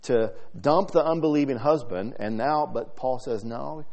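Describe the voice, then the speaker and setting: A man preaching a sermon, reading scripture aloud and swinging from soft talk to loud, emphatic delivery. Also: mid-range voice, measured pace, highs cut off.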